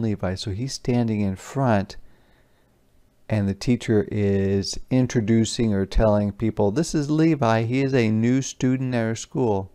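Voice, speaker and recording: Guy reading a kids book out loud, stops to explain words, kind of gravelly voice. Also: mid-range voice. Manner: reads a line, then explains words and pictures simply; puts gentle emphasis on the words he reads aloud. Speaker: teacher. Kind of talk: interactive picture-book read-aloud for young children.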